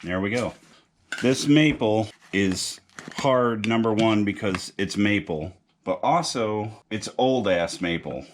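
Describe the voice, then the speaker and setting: A man's voice: fairly low pitch, lively intonation, takes it slowly, slight background noise. A man narrating a guitar repair how-to in a casual, joking, slangy way. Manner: laid-back, joking, slangy. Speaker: guitar repair video host.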